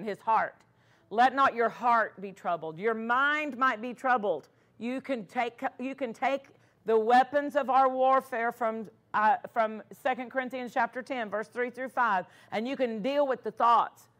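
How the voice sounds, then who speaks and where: A woman's voice: fairly high pitch, a bit bright. A woman pastor preaching a sermon in an earnest way, often restarting her phrases.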